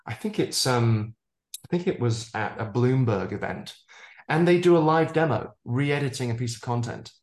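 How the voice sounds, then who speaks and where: Man, futurist guest, mid pitch, roomy echo, expansive, example after example. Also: lively intonation, normal speed. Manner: expansive, piles up examples, jokes about his own pronunciation. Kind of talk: casual interview talk.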